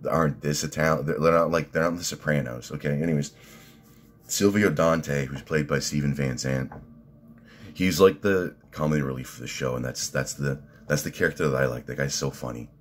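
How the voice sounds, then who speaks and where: A man's voice: rumbling low, steady tone, a little fast, a little hiss or hum. A man talking in a casual rambling vlog, profane and laughing at his own stories. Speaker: fitness vlogger and coach.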